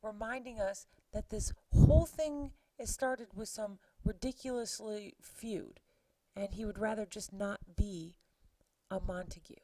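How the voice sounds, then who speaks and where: A woman teacher casually retelling a play scene by scene, chatty and animated, putting the old lines into everyday words. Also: mid-range voice, measured pace, no echo, poor audio. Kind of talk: lesson recap with paraphrased quotes.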